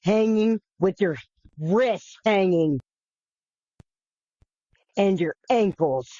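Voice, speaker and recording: Speaking very slowly in a medium-pitched, dark voice, a podcast host earnestly and casually recounts a bible story. Restarts and repetition are frequent, along with the odd curse. The recording is lo-fi, dull and dry, without any echo.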